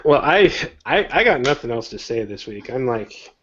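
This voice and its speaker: A man co-hosting a podcast in casual chat, giving short reactions and drawn-out remarks. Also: mid-range voice, sing-song, a bit bright. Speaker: podcast co-host. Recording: dull lo-fi podcast audio.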